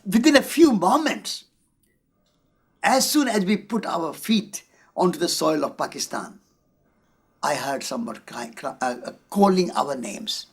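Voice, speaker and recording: Indian man, interview guest, earnest storyteller with a lively, husky voice. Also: mid-range voice. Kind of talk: reflective storytelling.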